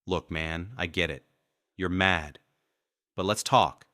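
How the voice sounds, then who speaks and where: A man's voice: sits low, slow, bright, forceful tone, no echo, studio quality, full character voice. A man voicing a frightened adulterer trying to talk his way out, in a storybook reading. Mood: nervous. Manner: nervous bargaining. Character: smug cornered adult man, scared.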